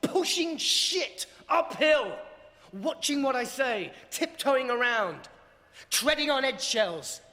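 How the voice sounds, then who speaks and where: A man's voice: very high-pitched, bright, forceful tone, full character voice. An actor playing an anxious young male doctor who pleads and then rants in exasperation. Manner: exasperated, swings from pleading to ranting. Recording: roomy reverb.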